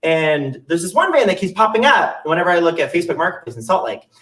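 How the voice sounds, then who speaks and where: Young male solo performer, chatty and self-mocking, slightly high voice, distant mic. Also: very animated, fast, fairly bright tone. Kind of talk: storytelling monologue with songs.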